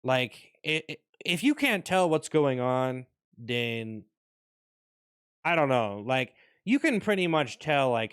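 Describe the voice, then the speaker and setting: A young man rants casually on his vlog, rambling and swearing freely as he restarts his thoughts. His voice is smooth and resonant at a mid pitch. The recording is dry and close. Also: very animated, takes it slowly, fairly bright tone, dry recording. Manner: rambling, profane, restarts often. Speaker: vlogger. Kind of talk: casual rant.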